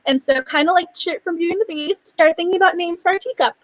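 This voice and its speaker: Bubbly, teary-eyed woman hosting a book club stream, bright high voice, dry close sound. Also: fast, dry recording, highs cut off. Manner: bubbly, gushing, laughs often. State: emotional, near tears. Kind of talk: casual live stream chat.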